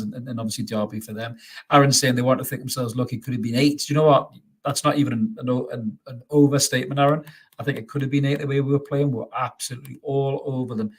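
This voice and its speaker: A man's voice: medium pitch, husky. A man hosting a live post-match fan stream, reading out viewer comments and chatting back, upbeat and calling everyone mate, often stumbling over repeated words. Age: adult father. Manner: stammers and repeats words when excited. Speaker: fan channel host.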